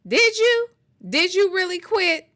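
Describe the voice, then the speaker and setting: A woman's voice: very high voice, slow. A woman in her forties giving casual, chatty commentary and talking straight to her viewers. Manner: chatty, animated, talks to the chat directly. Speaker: commentary streamer.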